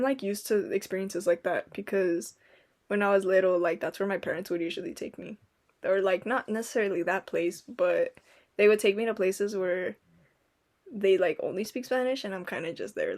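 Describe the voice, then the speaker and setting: A woman's voice: mid-range voice, vocal fry. A young woman in casual podcast chat, telling rambling stories full of "like" and "um" and acting out quotes. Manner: rambling storytelling, lots of "like" and "um", acts out quotes. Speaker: podcast co-host.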